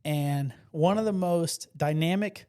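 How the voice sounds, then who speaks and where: A man's voice: fairly high pitch, a little slow, clean tone. A man from South Louisiana, a podcast guest, telling stories in casual chat and acting out the voices he quotes. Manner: animated storyteller, acts out quotes; passionate, excitable.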